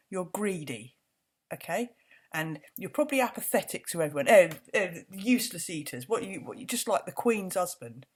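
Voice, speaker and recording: Husky woman ranting angrily. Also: on the low side. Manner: swearing, indignant ranting, repeats words for emphasis. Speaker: vlogger. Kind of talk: angry rant to camera.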